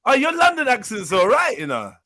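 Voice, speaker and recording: A man's voice: very high-pitched, wildly swooping pitch, a little fast, bright, forceful tone. A man hosting a live call-in panel show, joking and teasing his panelists in casual banter. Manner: teasing, joking, laughs often.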